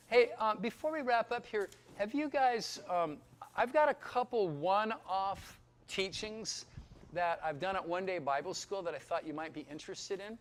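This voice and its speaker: High-voiced middle-aged pastor telling his story to students, lively, acts out the dialogue. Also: normal speed. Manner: emotional, near tears. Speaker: pastor and Bible school teacher. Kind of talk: testimony talk to students. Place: Bible school hall.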